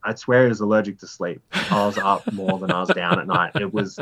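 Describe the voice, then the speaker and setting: A man in his thirties, a writer being interviewed, talking in a rambling, animated way full of fillers. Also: brisk, slight background noise. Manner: animated storyteller, jumps pitch for inner voices. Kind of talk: casual conversational interview.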